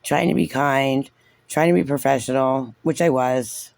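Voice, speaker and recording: Gravelly man's sarcastic reaction commentary. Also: medium pitch, fairly even intonation, a little slow, no echo. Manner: sarcastic, frustrated, says "like" constantly. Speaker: parent reviewing a recorded meeting.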